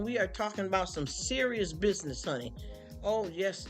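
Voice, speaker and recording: A woman's voice: medium pitch, lively intonation, moderate pace, soft background music. A woman hosting a live stream, venting bluntly to her chat and mocking people with put-on voices. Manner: blunt, fired-up, mocking impressions.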